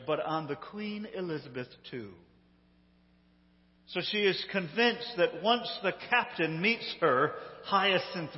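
Man, high voice, animated storyteller, echoey dull phone recording. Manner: animated, amused, conversational. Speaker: storyteller retelling a sitcom episode. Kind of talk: casual spoken retelling. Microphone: handheld phone.

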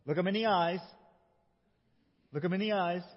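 A man with a high voice speaks at a moderate pace, leading an animated, playful children's sermon where the kids act out a scripture story. It's a dull recording from a large church sanctuary full of reverb.

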